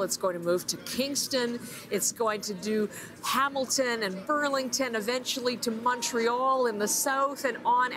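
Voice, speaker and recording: A woman anchoring live news coverage, emotional and excitable as she talks. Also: mid-range voice, background noise. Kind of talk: live broadcast commentary.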